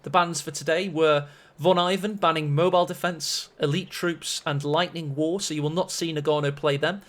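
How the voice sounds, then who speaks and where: A man's voice: fairly high pitch, steady tone, moderate pace. A man casting a strategy-game match on a live stream, chatty and rambling with self-mocking asides. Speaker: esports caster.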